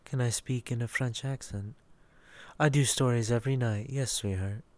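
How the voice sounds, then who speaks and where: A man's voice: medium pitch, normal speed, darkish tone, no echo. A young man from Texas hosting a casual voice chat, reading out and answering listener messages. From Dallas, Texas. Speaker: voice chat host.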